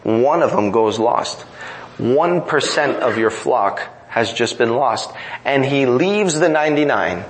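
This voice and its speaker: A man's voice: medium pitch, expressive, slow, slight background noise, poor audio. A man preaching a sermon in an earnest, emphatic way, driving points home through repetition. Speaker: pastor.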